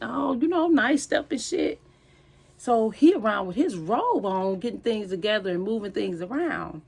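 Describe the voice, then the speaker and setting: A woman tells a storytime straight to her viewers in a casual, blunt way. She swears freely and keeps calling out to her audience, her telling animated and unfiltered. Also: mid-range voice, creaky, slightly rough. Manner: animated, blunt and profane, addresses viewers as y'all.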